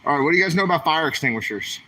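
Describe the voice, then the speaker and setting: A man's voice: a little high, expressive, rapid-fire, pushed and bright, slight background noise. A man, streaming while he walks the aisles of a store, chatting and asking his viewers questions. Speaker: vlogger. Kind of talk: livestream vlog while shopping.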